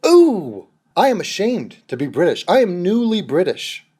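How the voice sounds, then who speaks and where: A man's voice: high voice, sing-song, normal speed, a little mellow, husky. Sneering, foul-mouthed male commentator. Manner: sarcastic, mocking, swears often. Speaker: reaction video host. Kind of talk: profane mocking commentary over a clip.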